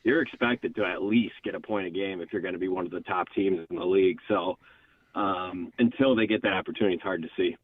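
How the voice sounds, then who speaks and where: A man's voice: sits low, quick pace, a little hiss or hum. A man calling in to a sports radio show, making his point earnestly with some hesitant fillers. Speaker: caller. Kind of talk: call-in comment. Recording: tinny phone line.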